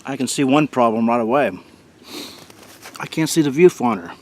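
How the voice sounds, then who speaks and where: A man's voice: medium pitch, normal speed, slight background noise. Man, outdoor vlogger, easygoing chat to camera, recorded on a camcorder outdoors. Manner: relaxed, chatty, talks to the camera. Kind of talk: casual solo vlog. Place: outdoors in winter woods by a creek. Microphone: handheld camcorder mic.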